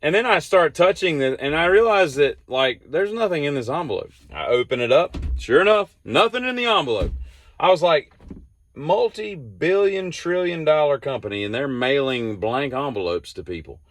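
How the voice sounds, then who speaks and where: A man's voice: mid-range voice, sing-song, normal speed, fairly bright tone. A man telling a casual vlog story in a rambling, exasperated and sarcastic way. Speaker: vlogger.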